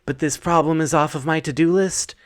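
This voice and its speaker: A man voicing a weary woman tenant who keeps a grim secret, speaking flatly and gloomily in a lowered voice. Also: brisk, lightly acted. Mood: defiant. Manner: flat, gloomy, resigned.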